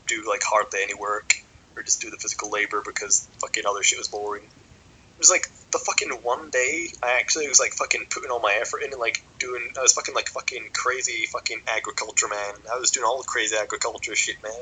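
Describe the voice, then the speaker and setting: A young man tells a long, rambling story on a casual podcast, with "like" and swearing in nearly every sentence. His voice is very bright and edgy, with a faint hiss in the background. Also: on the low side, fast talker, rough recording. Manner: sweary, rambling, filler-heavy. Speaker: podcast co-host.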